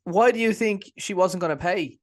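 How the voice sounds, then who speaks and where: A man's voice: sits high, normal speed. A man hosting an interview and asking direct, probing questions.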